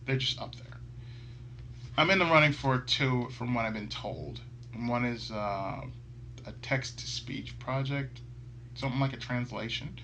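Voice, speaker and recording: A man's voice: mid-range voice, moderate pace, sharp tone, a little hiss or hum. A man hosting a gaming channel, chatting casually and rambling, laughing a lot as he goes. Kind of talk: casual chat.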